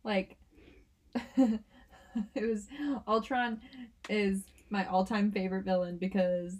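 Woman podcast cohost, chatty and giggly, mid pitch. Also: slow pace. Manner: chatty, laughs often, animated. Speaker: podcast co-host. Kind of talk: casual chat.

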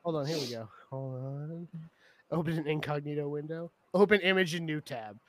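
A man co-hosting a casual chat, excitable and quick to laugh as he builds up his stories. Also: fairly high pitch, no room sound.

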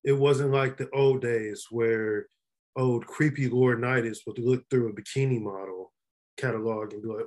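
A man's voice: mid-range voice, steady tone, moderate pace, a little mellow. A man co-hosting a casual wrestling podcast, blunt and opinionated as he talks. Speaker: podcast co-host.

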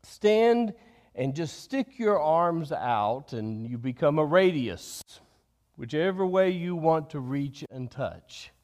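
Guy preaching a sermon, slow and deliberate, voice kinda high and really animated, drops way down soft on key words. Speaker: pastor.

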